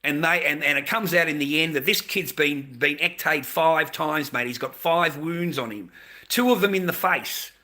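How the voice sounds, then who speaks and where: A man's voice: on the high side, moderate pace, bright, forceful tone. A man with an Australian accent delivering a blunt, profane rant, full of swearing and repeated phrases. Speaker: vlogger. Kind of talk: angry ranting monologue. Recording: echoey room.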